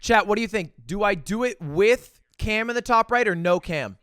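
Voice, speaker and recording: A young man livestreaming from his home setup, hosting a virtual talent show in VR with energetic, joking, quick-to-laugh chatter. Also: high-pitched. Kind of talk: casual livestream chat. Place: home streaming setup, playing in VR.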